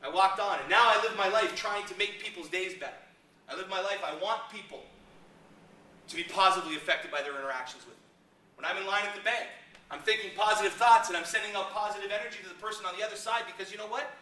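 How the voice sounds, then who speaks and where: A middle-aged man speaking at a seminar, lively and acting out little scenes as he makes his points. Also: high-pitched, fast. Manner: animated, acts out little scenes in raised voices. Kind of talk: motivational seminar talk. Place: seminar room. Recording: echoey room, mic from a distance.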